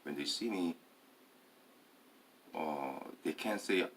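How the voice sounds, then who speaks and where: A man's voice: extremely low pitch, slow, a little hiss or hum. A man talking in a rambling, hesitant monologue, full of fillers and tag questions.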